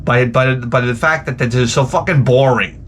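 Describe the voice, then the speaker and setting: A man's voice: medium pitch, normal speed, slight background noise. A middle-aged man, ranting in a rambling, profane comedic monologue. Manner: rambling, profane, animated storytelling. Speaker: comedic host.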